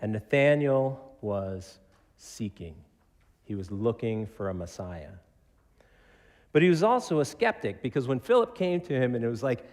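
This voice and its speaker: A man's voice: medium pitch, lively intonation, a little slow, darkish tone. A man from Connecticut, a pastor preaching a conversational, joking sermon who acts out quotes. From Connecticut, United States. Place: church. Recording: reverberant church sanctuary.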